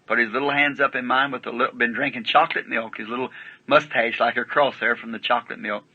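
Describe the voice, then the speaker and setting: A man's voice: mid-range voice, fairly even intonation, fast talker, husky. A man preaching, telling a story in a folksy, plain-spoken way with rustic grammar, on a dull lo-fi archival recording. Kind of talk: sermon storytelling.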